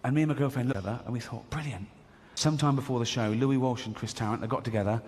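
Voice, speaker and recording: A man doing stand-up, telling a story in an animated way and acting out other people's voices. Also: medium pitch, quick pace. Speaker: stand-up comedian. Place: comedy stage. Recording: live stage, hall reverb, faint ambience.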